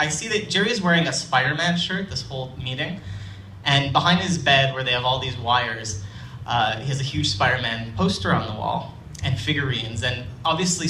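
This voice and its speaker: A young man telling a personal story on stage at a storytelling night, conversational and self-deprecating, with halting restarts. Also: mid-range voice, pushed and bright, slight background noise. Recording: roomy live hall, distant mic, faint ambience.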